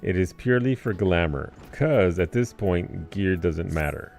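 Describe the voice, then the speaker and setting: Deep-voiced man chatting over gameplay. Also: animated, gravelly, darkish tone, faint music behind. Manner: rambling, with filler pauses. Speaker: game streamer. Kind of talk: casual gameplay commentary.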